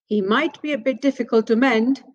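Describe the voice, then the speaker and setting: A woman's voice: mid-range voice, sing-song, takes it slowly, a little mellow, muffled recording. A woman voicing a jolly, slightly clumsy father pig in a children's story. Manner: jovial, chuckling.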